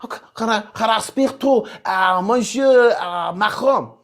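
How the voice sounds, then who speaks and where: A man's voice: high-pitched, measured pace, a bit bright, pitched above the performer's own voice. A man with a Liverpool accent putting on a blustering, flustered male prime minister who stammers and repeats himself. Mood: pleading.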